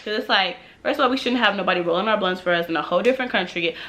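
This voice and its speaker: Animated young woman telling a story. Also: mid-range voice, racing, noisy background. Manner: animated, slangy storytelling full of laughs and acted quotes. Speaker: vlogger. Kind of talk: casual storytime.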